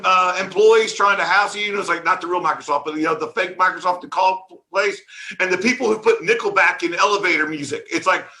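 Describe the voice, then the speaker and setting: A man giving a conference security talk, animated and sarcastic, ranting at the audience from the stage. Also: high-pitched. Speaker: conference speaker.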